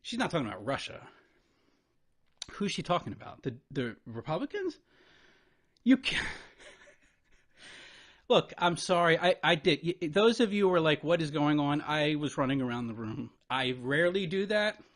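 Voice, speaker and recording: A man's voice: on the high side, big pitch swings, fairly bright tone. A man giving a profane, incredulous commentary as he reacts to a debate clip, swearing and venting in disbelief. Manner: exasperated, incredulous, swearing, talks over paused clips.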